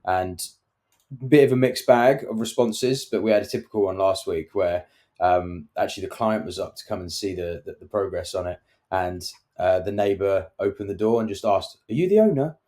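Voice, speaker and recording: A man's voice: low voice, steady tone, moderate pace, darkish tone. A man co-hosting a property podcast, telling anecdotes in casual chat and acting out the people he quotes. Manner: anecdotal storytelling, acts out quoted voices. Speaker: podcast co-host, property developer.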